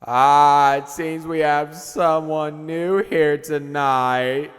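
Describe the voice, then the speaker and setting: Give me a man playing a creepy old band leader, booming a slow drawl into the mic. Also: fairly even intonation, clean tone, in a large hall, soft background music. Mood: showman greeting. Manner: slow, loud stage drawl. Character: balding older male band frontman in a cowboy hat.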